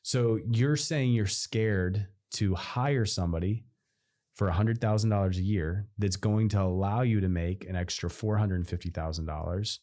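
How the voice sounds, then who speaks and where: A man co-hosting a casual business podcast, his voice low and mellow. He rambles a little, trips over his own words and doubles back mid-thought. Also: moderate pace. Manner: rambling, self-interrupting, playful. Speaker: podcast co-host.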